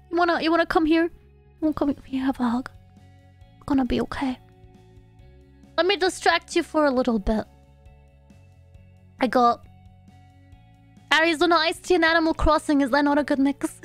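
A woman's voice: high-pitched, normal speed, long pauses, dry recording. A young woman live-streaming a game, talking playfully and sympathetically to her chat. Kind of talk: casual live-stream chat while gaming. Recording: dry close mic, faint background music.

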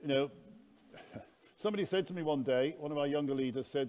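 A man's voice: a little high, fairly quick, darkish tone. A man preaching at a conference, telling stories in an earnest, anecdotal teaching manner. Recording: long hall reverb.

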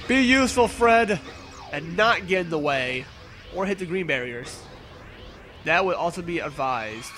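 A man giving excitable, playful gameplay commentary, yelling and teasing as he plays. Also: on the high side, a little slow, soft background music. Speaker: let's play commentator.

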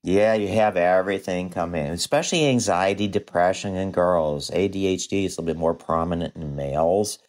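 An older man, a dentist guest on a podcast interview, telling patient stories in an animated way and jumping high in pitch when he acts out what people said. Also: fairly quick, few pauses.

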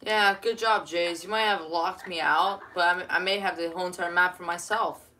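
A woman bantering with a friend while playing a video game, teasing and swearing, laughing often and now and then shouting. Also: fairly low pitch, fairly even intonation, normal speed. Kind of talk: casual gaming banter.

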